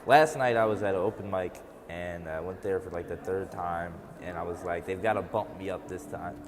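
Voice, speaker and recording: A man's voice: low voice, normal speed, long reverb tail. A man telling a rambling, self-mocking story in casual conversation, acting out his own thoughts as he goes. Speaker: interviewee, open mic performer. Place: art gallery opening.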